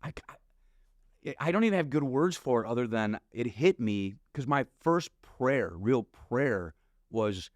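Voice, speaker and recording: A man's voice: medium pitch, a little slow, no room sound. Storytelling middle-aged man, dry studio sound. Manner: animated storytelling, acts out his past self with slang. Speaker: pastor and podcast guest. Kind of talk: personal testimony in casual conversation. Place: podcast studio.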